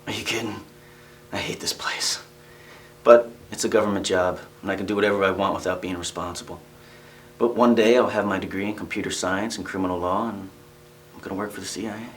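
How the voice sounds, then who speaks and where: A man's voice: low-pitched, steady tone, quick pace, reverberant, slight background noise, lightly acted. An actor playing a self-important office training manager who boasts about his many jobs. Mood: pompous. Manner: pompous, boastful.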